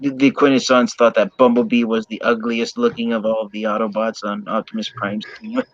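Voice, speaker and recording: A man in casual conversation, speaking calmly and steadily as he explains details at a middle pitch. The sound is dry and close, with a dull, lo-fi tone. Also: moderate pace, no echo. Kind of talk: casual chat.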